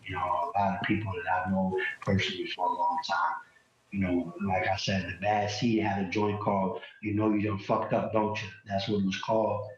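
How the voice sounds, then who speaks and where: A man's voice: low-pitched, level tone, fairly quick, crowd noise. A middle-aged man, a rapper, chatting loosely with lots of slang on a cheap phone from a home hallway. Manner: loose slangy talk, full of "you know". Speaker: guest rapper. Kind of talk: casual interview chat. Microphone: cheap phone on a call. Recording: echoey muffled phone call.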